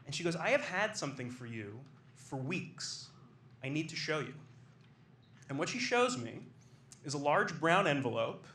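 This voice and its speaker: A young man doing storytelling stand-up on a comedy club stage, excitable and animated as he acts out what people said. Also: a little high, normal speed, a little hiss or hum. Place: small comedy club stage with live audience. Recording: roomy club sound with faint ambience.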